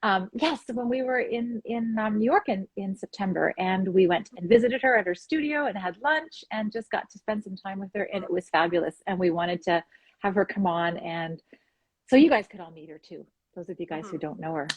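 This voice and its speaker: A woman co-hosting a podcast interview, gentle and self-deprecating on a video call. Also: mid-range voice, moderate pace, husky, no room sound, low-quality recording. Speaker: podcast co-host. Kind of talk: casual chat.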